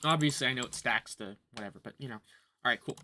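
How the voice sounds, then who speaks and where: A man's voice: mid-range voice, quick pace, bright, forceful tone, slight background noise. Man, game livestreamer, sarcastic jokes, chewing gum, faint keyboard typing behind. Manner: joking, sarcastic, talks to himself while playing. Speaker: gaming livestreamer. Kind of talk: casual gameplay commentary.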